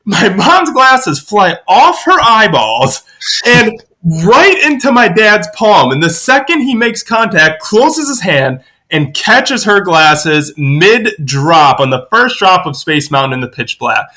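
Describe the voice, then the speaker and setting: Man, podcast guest, animated storyteller, bright voice, fairly high pitch. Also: takes it slowly. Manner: lively storyteller, acts out quoted voices with big pitch jumps. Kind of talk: animated anecdote telling.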